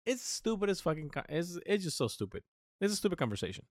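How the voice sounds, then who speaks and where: A man's voice: fairly high pitch, quick pace, no room sound, clean studio sound. A man from the United States hosting a podcast, ranting in casual talk, swearing and restarting often. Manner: animated ranting, swears a lot, many restarts. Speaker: podcast host.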